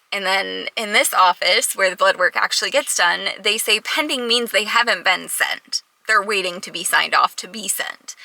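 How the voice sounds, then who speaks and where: A young woman, vlogging in a quick, exasperated storytelling manner, close to tears. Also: fairly low pitch, creaky, sharp tone, no echo, poor audio. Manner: exasperated, fast storytelling with quoted dialogue. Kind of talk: casual vlog storytelling.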